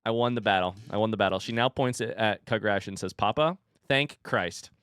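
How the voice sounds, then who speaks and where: Smooth, dry-voiced storytelling man. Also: fairly low pitch, fast, no echo. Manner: animated storytelling with laughs. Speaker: streamer. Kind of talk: casual chat. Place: home room with a standing desk.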